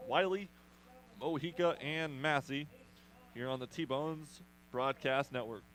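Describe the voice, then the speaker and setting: A man doing play-by-play commentary for a baseball radio broadcast, brisk with playful asides. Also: mid-range voice, fairly bright tone, rough recording. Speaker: play-by-play announcer.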